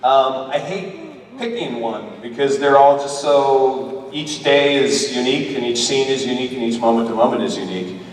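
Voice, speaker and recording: A man on a convention panel, an actor talking about his work in casual, animated, rambling chat full of restarts. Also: medium pitch, normal speed. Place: large convention hall with audience. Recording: echoey hall recorded from far off.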